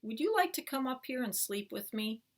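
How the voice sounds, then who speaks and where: A woman's voice: on the high side, expressive, moderate pace, pitched above the performer's own voice. A woman voicing an earnest, sneaky young boy in a storybook read-aloud. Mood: tender.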